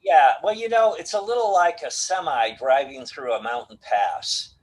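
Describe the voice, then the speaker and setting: Middle-aged man, husky and fairly high-voiced, lively storyteller on a video call. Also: moderate pace, low-quality recording. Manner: animated storytelling, acts out quoted voices. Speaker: guest astrologer. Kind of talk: casual video call conversation.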